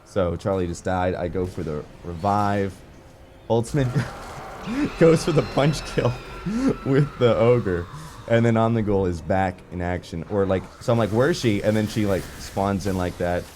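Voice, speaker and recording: A young man giving casual, rambling commentary over his gameplay footage, full of fillers and excited asides. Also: lowish voice, measured pace, slight background noise. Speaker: gaming video creator.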